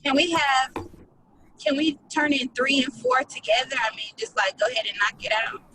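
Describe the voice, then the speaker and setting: A woman on a video call, chiming in with short questions and quick agreement while her group plans deadlines. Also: high-pitched, a crowd in the background, low-quality recording. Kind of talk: casual planning call.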